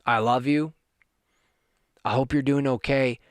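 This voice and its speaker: A man's voice: mid-range voice, fairly even intonation, measured pace, clean tone, dry recording. Earnest man, dry close podcast voice. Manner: earnest, candid, gets fired up. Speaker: podcast host. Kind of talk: personal reflective monologue.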